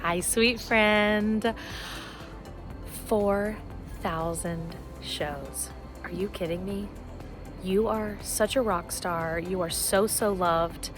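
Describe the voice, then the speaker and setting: A woman recording a tender, emotional message of congratulations to a friend, repeating herself warmly. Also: medium pitch, drawn-out words, over music.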